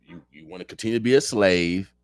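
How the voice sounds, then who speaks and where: A man's voice: sits low, fast talker, dry recording, studio quality. A man speaking as a radio show guest, talking politics in a fiery, preacher-like way and repeating phrases for emphasis. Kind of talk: impassioned political talk. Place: radio studio.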